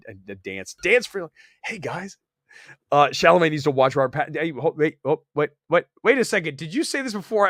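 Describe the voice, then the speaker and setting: A man hosting a live movie talk show, opinionated and animated, talking fast and reacting to chat comments. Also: on the high side, dry recording, studio quality. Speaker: host. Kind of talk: casual live-stream film chat.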